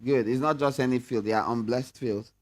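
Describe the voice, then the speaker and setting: A man's voice: mid-range voice, fairly quick. A man leading a prayer meeting Bible study, talking conversationally and asking the room questions. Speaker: pastor.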